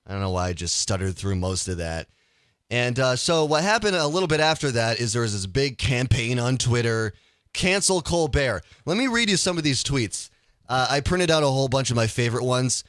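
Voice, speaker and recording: A man's voice: mid-range voice, normal speed, dry recording, studio quality. A man hosting a casual call-in radio show, ranting with energy and stumbling over his words. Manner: animated, ranting, stumbles and restarts.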